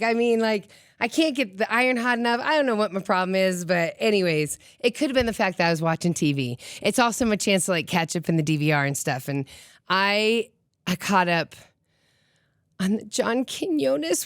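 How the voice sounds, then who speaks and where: A middle-aged woman hosts a radio show and chats away in a lively, talkative way, often laughing and acting out other people's lines. Her voice is smooth and clear. The sound is dry and close, with no room around it. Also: medium pitch, no room sound. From Colorado. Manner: chatty and animated, laughs often, acts out quotes. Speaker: radio host. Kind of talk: casual chat.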